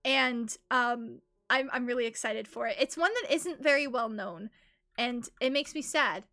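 A young woman with a high, bright voice talks through a game on a live stream. Her chat is excitable and rambling, punctuated by squealing giggles. The tone stays crisp and upbeat. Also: unhurried. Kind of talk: casual live gameplay commentary.

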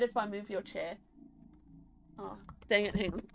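A woman's voice: medium pitch, unhurried, creaky, long pauses, a little hiss or hum. A young woman with an Australian accent, chatting casually and giggling as she streams from home, answering her chat while she plays and draws.

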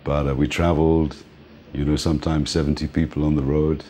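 An older man interviewed as a music manager, telling relaxed stories and often laughing and saying "man". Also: very deep voice, fairly quick, a little hiss or hum. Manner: relaxed, reminiscing, often says "man", laughs between points. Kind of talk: casual storytelling interview.

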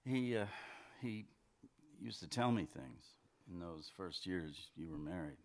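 A man's voice: low-pitched, expressive. A man reading fiction aloud, voicing a brooding husband who hedges and stumbles before he answers. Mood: reluctant. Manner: hesitant, halting, defensive. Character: defensive husband, brooding and evasive. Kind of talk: literary reading, acted dialogue.

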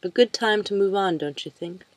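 A woman voicing a cheerful, eccentric woman nearly eighty, chatting brightly and a little louder than her narration. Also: medium pitch, moderate pace, no echo, lightly acted. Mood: lively.

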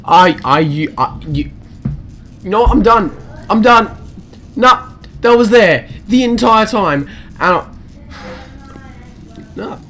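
A man's voice: high voice, animated, takes it slowly, pauses often, fairly bright tone. A young man commentating his own gameplay, panicky and exclaiming, talking to himself as he plays. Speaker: let's play gamer.

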